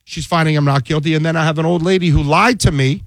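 A man's voice: on the high side, steady tone, quick pace, dry recording. A man who is a defense attorney, telling a courtroom story in a casual interview. He acts out the dialogue he quotes, restarts often and keeps checking that the listener follows.

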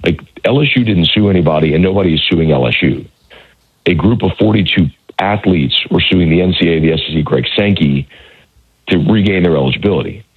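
A hoarse man who has lost his voice, reporting on college football over a phone line in a measured, hedging way with many restarts. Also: sits low, expressive, no echo. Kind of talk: casual radio phone interview.

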